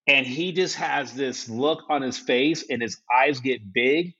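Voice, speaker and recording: A man's voice: mid-range voice, moderate pace, few pauses, breathy edge, lo-fi sound. A man, a guest on a podcast, telling a funny story in a casual way and laughing often. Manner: laughs often, animated anecdotes. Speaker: interview guest.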